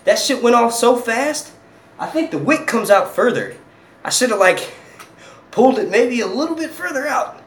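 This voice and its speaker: A man's voice: extremely high pitch, very animated, moderate pace, fairly bright tone. A young man from Philadelphia, hosting his own channel and chatting casually, profane and rambling, laughing often. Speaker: YouTube channel host. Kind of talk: casual live stream chat.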